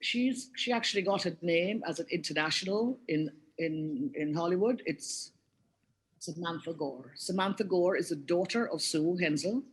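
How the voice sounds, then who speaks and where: This Jamaican art director in her sixties speaks in a lowish, slightly breathy voice. She shares stories during a webinar call, chatty and prone to restarting sentences, and the audio is of low quality.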